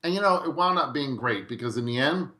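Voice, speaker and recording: A middle-aged man, a guest in a podcast interview, telling his story in a lively way and acting out quoted dialogue. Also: mid-range voice, fast. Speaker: guest real estate investor.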